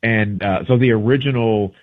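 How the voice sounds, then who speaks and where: Chatty male guest, rambling storyteller who corrects himself as he goes, lowish voice, phone-line sound. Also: moderate pace. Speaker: travel book author guest. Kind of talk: casual radio interview. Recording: tinny phone-line audio.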